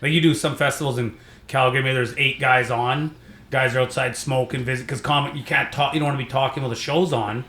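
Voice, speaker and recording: A man's voice: mid-range voice, fairly even intonation, fairly bright tone, echoey room, a little hiss or hum. A young adult man from Saskatchewan, Canada, a stand-up comedian telling rambling stories in casual podcast chat. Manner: rambling storytelling, does quick voices.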